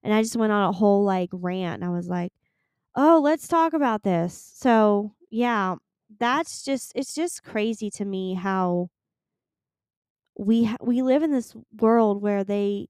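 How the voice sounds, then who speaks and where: A woman's voice: mid-range voice, measured pace, darkish tone, smooth, no room sound, clean studio sound. A young woman hosting a solo podcast, chatting in a gushing, rambling way and swearing casually. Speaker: podcast host.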